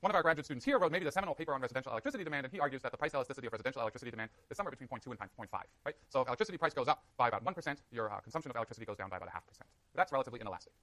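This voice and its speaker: Fast, animated male economics lecturer. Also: mid-range voice, dry recording. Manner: energetic, joking with students. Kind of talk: university lecture. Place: lecture hall.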